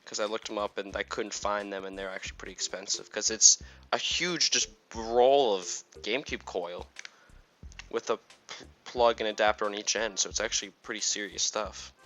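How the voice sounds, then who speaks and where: A man's voice: on the low side, steady tone, moderate pace, pushed and bright, slight background noise. A young man giving casual, rambling commentary while playing a video game, with lots of fillers. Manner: chatty, rambling, with many fillers. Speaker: gaming YouTuber.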